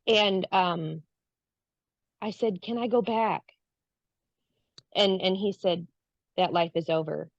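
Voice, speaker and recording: A woman's voice: medium pitch, takes it slowly, long pauses, no room sound. A woman guest telling an earnest personal story in a casual way, acting out the things she said at the time. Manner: earnest, acts out her own past lines. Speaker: guest recounting a spiritual experience. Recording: dull lo-fi, dry sound.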